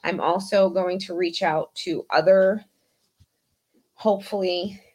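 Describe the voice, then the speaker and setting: A woman's voice: on the low side, steady tone, slow pace, a little mellow. A woman guest on a podcast, chatting casually and rambling, swearing freely and laughing often. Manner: rambling, profane, frequent laughs. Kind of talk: casual chat.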